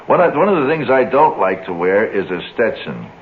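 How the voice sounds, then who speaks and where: A relaxed male radio host trading jokes with his guests, chuckling easily and letting his voice rise and fall freely. The sound is thin and tinny like an old phone line, with a faint hiss under it. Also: lowish voice, fairly quick. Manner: chuckling, easygoing. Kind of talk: casual on-air banter. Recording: tinny, hissy 1960s radio broadcast.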